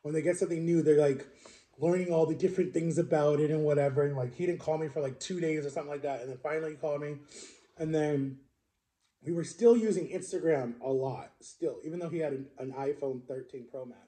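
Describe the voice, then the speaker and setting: A young man talks straight to his followers in a loose storytime monologue, circling back and restarting his sentences as he goes. His voice sits a little high for a man but has a soft, mellow color. He sounds unscripted and chatty throughout. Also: fast talker. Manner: rambling, conversational, lots of fillers and restarts. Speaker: social media creator.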